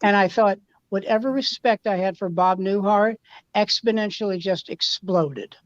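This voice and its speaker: A woman's voice: mid-range voice, normal speed, no echo, highs cut off. A woman comedian telling a showbiz anecdote in casual chat, acting out the people in it. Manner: animated anecdote telling with quoted voices.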